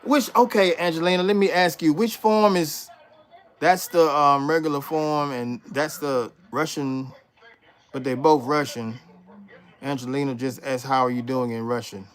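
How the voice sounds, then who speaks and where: A man's voice: a little high, fairly even intonation, measured pace. A man hosting a casual livestream, chatting loosely with viewers and reading out their comments. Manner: laid-back, chatty, reads out chat and answers viewers. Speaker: livestream host.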